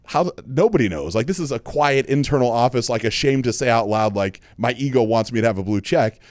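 A man's voice: medium pitch, animated, a little fast, a little mellow, no room sound. A man hosting a podcast, telling a candid story in casual chat with lots of fillers. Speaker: podcast host.

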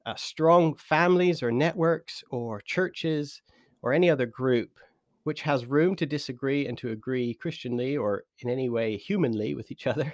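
A British man hosting a podcast interview, chatty and animated, laughing easily as he introduces his guest. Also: mid-range voice, moderate pace, dry recording, studio quality. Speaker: podcast host.

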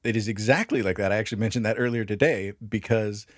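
A man's voice: on the low side, quick pace, dry recording, studio quality. A man co-hosting a casual history podcast, joking and swearing as he explains. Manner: profane, jokey, laughs often. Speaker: podcast co-host.

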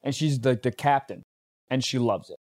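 A young man co-hosting a podcast, chatting casually, excitable and swearing often. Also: medium pitch, moderate pace. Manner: excitable, swearing, jumps in with exclamations. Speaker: podcast co-host. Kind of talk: casual chat.

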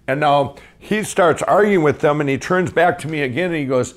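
A man's voice: a little high, fairly quick. A man, an inventor and company founder, telling his life story in a casual, rambling, eager way, acting out the dialogue he quotes. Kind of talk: casual first-person storytelling.

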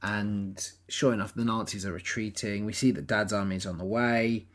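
A woman's voice: very deep voice, steady tone, moderate pace. A woman co-hosting a podcast, chatting casually about a film with sarcastic asides. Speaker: podcast co-host.

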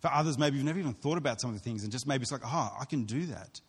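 A man's voice: medium pitch, very fast, breathy edge. A man preaching a sermon as pastor, earnest and storytelling, acting out what other people said. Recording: long hall reverb.

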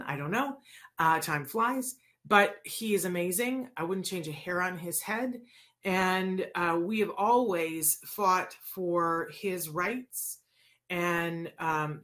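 On a live-stream mic, a forties-aged woman who hosts a live autism show and podcast chats casually with plenty of fillers. Her voice is lowish, bright and forceful.

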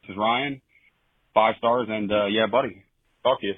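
Low husky caller on a phone line. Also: male voice, normal speed, no echo. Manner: relaxed, friendly rambling. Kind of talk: voicemail. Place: outdoors in a driveway. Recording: tinny phone-line voicemail.

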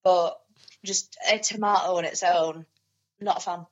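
A woman from southern England with a southern accent mixed with northern English, a podcast guest and musician, chatting in a playful, giggly way with a husky voice. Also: lowish voice, fairly even intonation, unhurried. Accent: southern English with picked-up northern English. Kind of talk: casual chat. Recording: dull lo-fi sound.

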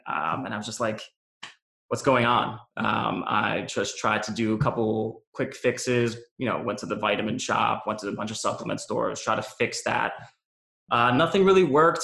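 Guy with a gravelly voice opening up about his past in an interview, lots of ums, echoey room. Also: mid-range voice, a bit bright. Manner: candid and reflective, many "um" and "you know". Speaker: interview guest, business founder. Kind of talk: personal storytelling in an interview. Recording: roomy echo.

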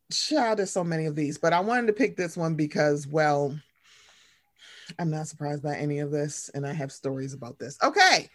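A young woman co-hosting a podcast in casual chat. She rambles, reads a story aloud, and does high-pitched impressions of her mother. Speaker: podcast co-host.

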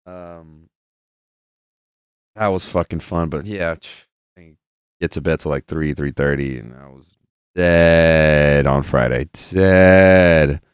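Deep-voiced rambling, cursing young man. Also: slow, long pauses, smooth, dry recording, clean studio sound. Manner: rambling and profane, heavy on filler words; loose storyteller who plays out the people in his stories. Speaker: podcast host. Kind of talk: casual chat.

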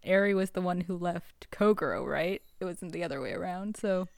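Female co-host, smooth lowish voice, dry close sound, hesitant casual chat. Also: normal speed, a little mellow, dry recording. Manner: hesitant, many fillers, laughs easily. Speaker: podcast co-host.

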